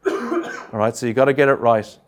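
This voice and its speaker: A man presenting a grant writing workshop, punchy and energetic, checking in with the room with quick rhetorical questions. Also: mid-range voice, heavy background noise. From Australia.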